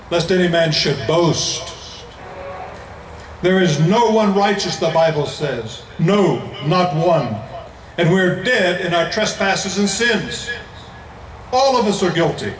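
An American man delivers an emphatic evangelistic sermon and slows down on the phrases he wants to stress. His voice sits fairly high for a man. The sound is echoey, as if picked up from a distance in a big hall. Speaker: evangelist preacher. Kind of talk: evangelistic sermon to a large crowd. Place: large indoor event venue.

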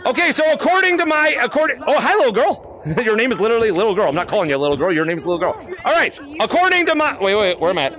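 A man creating YouTube content, chatting excitedly with fans inside a virtual reality game, talking into a headset mic in a shouty, giggly way and repeating words in quick bursts. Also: extremely high pitch. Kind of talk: excited live gameplay chat with fans.

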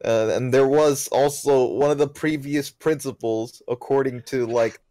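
A man co-hosting a podcast in casual chat, talking haltingly with many restarts. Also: medium pitch, steady tone, mellow, no room sound. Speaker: podcast co-host. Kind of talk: casual chat recapping a cartoon.

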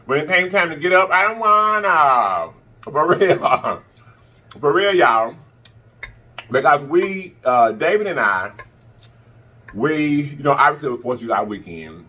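A man's voice: fairly high pitch, animated, a little slow, bright, forceful tone, husky. A man vlogger talking casually to camera, chatty and repeating himself for emphasis. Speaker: mukbang vlogger.

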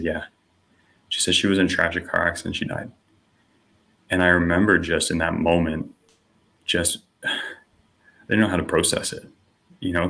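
Deep-voiced man telling his story. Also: bright, forceful tone. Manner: storytelling, acting out quoted voices, frequent "you know" and "like". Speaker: podcast guest. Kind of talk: personal testimony in casual conversation.

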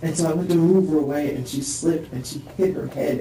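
A distressed man in a police interview room rambles through a halting statement, full of restarts, his voice rising and strained. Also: on the high side, dark tone. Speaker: suspect being questioned. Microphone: distant room microphone. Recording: echoey room, distant mic, faint hiss.

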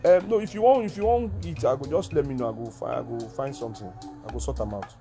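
An actor with a Nigerian Pidgin accent playing an evasive young boyfriend who keeps trying to calm his girlfriend. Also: mid-range voice, over music, lightly acted. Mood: placating. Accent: Nigerian Pidgin English. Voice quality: placating, quick-talking. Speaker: boyfriend Ekene. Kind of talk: Nollywood film acting.

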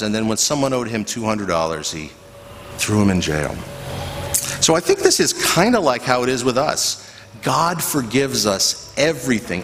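A man, a pastor, giving a children's sermon in a church, telling a story with animated voices and asking the kids questions. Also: mid-range voice, a little hiss or hum. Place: church sanctuary. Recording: echoey church hall, faint ambience.

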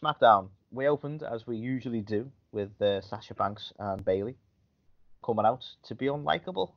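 A man's voice: lowish voice, lively intonation, moderate pace. A man co-hosting a podcast, chatting casually about wrestling in a rambling, griping way. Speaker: podcast co-host. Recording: dull lo-fi podcast audio.

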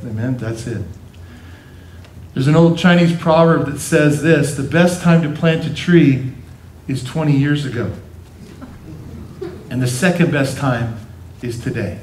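A man preaching a sermon as pastor, animated, acting out quotes in changing voices. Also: medium pitch, unhurried, pauses often, slight background noise. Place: church sanctuary. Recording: echoey church hall.

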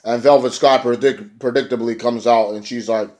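A man giving a casual, rambling review of a wrestling show, excitable and profane. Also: mid-range voice, normal speed, few pauses.

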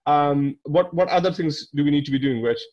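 A man's voice: fairly high pitch, brisk, highs cut off. A man hosting a podcast interview, chatting casually and enthusiastically summing up his guest's points. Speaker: podcast host.

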